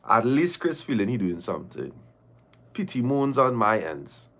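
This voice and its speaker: A man's voice: medium pitch, sing-song, normal speed, a bit bright. A man, hosting a live show and reading listener stories aloud with laughing, mock-outraged asides.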